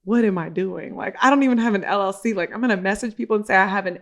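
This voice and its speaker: A woman's voice: mid-range voice, quick pace. A woman in the guest seat of a casual podcast chat. She tells her story with energy, acting out each exchange in quoted voices and dropping the odd swear word. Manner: animated, acts out quoted dialogue, swears casually.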